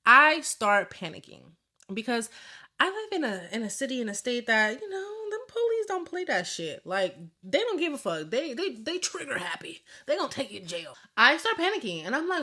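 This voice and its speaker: A woman's voice: on the high side, very animated, a little fast, bright, forceful tone. A woman in her thirties chatting casually and candidly, swearing freely as she tells a personal story in a vlog. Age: 30s. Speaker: vlogger.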